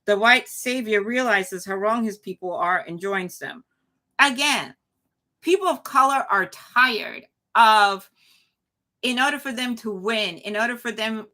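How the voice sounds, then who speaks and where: A woman's voice: mid-range voice, pushed and bright. A woman hosting a live commentary show, talking emphatically with frequent restarts and replies to chat. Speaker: show host.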